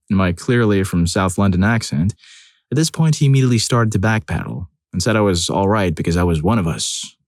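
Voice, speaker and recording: Low-voiced man narrating stories, dry sound. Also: a little mellow, no echo. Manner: reads listener stories aloud, acting out quoted lines. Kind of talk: scripted story narration.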